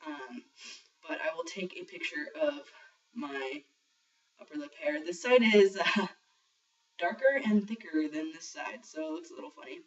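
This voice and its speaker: A young trans man shares his transition diary on video, chatting casually, rambling, saying um a lot and swearing now and then. His fairly high voice has lively intonation at normal speed; the built-in camera mic picks him up muffled and lo-fi from a distance.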